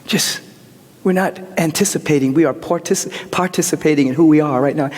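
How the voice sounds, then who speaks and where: A man preaching a sermon as pastor, swinging from soaring shouts to hushed whispers. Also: sits high, quick pace, slightly rough. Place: large church hall. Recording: hall reverb.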